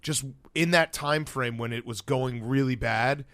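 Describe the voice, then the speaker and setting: A man hosting a podcast in casual chat, laughing along and throwing in quick remarks. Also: mid-range voice, a bit bright, dry recording. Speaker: podcast host.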